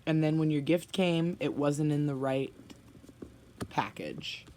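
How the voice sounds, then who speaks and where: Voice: mid-range voice, steady tone, moderate pace, dark tone, a little hiss or hum. A tarot reader giving a spoken reading to viewers, blunt and emphatic, often sighing and sympathetic.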